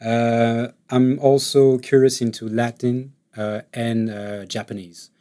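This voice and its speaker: A man's voice: mid-range voice, slow. Give me a man chatting in an interview. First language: French. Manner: relaxed, laughs often, many fillers and restarts. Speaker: actor, interview guest. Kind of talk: casual interview chat.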